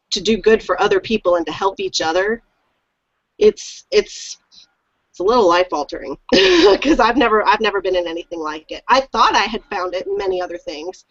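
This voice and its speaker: A woman's voice: lowish voice, dry recording. A woman co-hosting a casual chat, speaking in an earnest, emphatic and reassuring way. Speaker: co-host. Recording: dry, muffled lo-fi audio.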